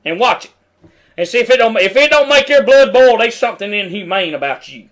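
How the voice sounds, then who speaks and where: A middle-aged man rants in heated, preachy commentary over a news clip. His voice sits high and sounds bright and forceful. He argues straight at the screen. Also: lively intonation, a little fast. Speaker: video commentator.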